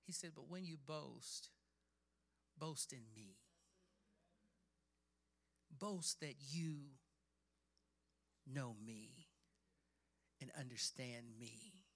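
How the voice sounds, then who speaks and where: A man preaching a sermon, reading scripture with dramatic emphasis and building from quiet passages to shouting. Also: medium pitch, drawn-out words, long pauses. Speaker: pastor.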